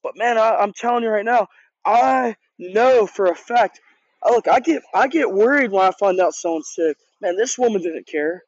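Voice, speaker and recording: A man's voice: high voice, expressive, moderate pace, dry recording. A man who leads a youth group, giving a casual sermon in an earnest, conversational way, often restarting and repeating words. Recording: dull, dry lo-fi recording.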